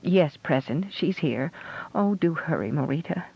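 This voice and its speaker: A man voicing a flustered, fretful woman dragonrider who pleads in a quavering, high voice. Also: lively intonation, measured pace, creaky, breathy edge, full character voice. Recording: dull lo-fi audio.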